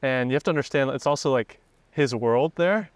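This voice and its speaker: A young man, a company CEO appearing as a guest, telling casual stories in an animated way and laughing between lines. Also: medium pitch, a little fast, dry recording. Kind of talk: casual storytelling.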